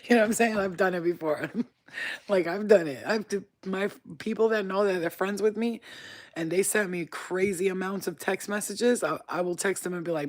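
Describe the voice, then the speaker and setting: A woman's voice: fairly low pitch, a little fast. A woman from upstate New York chatting casually on a livestream, candid, swearing freely and laughing often.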